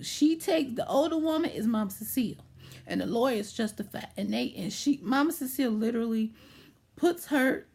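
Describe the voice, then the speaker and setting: A woman's voice: on the high side, darkish tone, husky. A woman vlogger animatedly retelling a movie plot, checking in with her listener as she goes.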